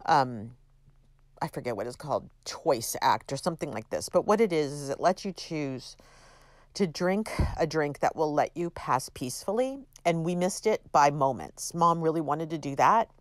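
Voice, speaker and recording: Woman, middle-aged, podcast host, low voice, rambling casual monologue, dry close mic. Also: expressive, normal speed, no room sound. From California. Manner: chatty, self-deprecating, rambling with restarts.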